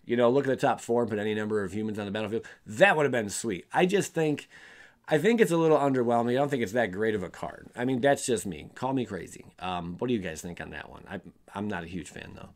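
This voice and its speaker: A man's voice: fairly low pitch, lively intonation, fast. A young man hosting a casual card review, rambling and often stumbling over and correcting his words. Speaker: card game video host.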